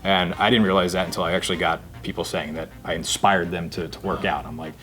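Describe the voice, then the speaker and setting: A man's voice: low-pitched, a little fast, few pauses. A man in his thirties from New Jersey, a guest comedian telling stories in casual chat, candid and swearing freely. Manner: relaxed, candid storyteller who swears freely.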